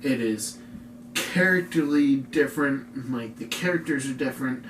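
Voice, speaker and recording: A man's voice: mid-range voice, normal speed. A man chatting casually as a podcast co-host, rambling and laid-back, filling his talk with "like". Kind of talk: casual chat. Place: room in a home. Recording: echoey room, distant mic, faint noise.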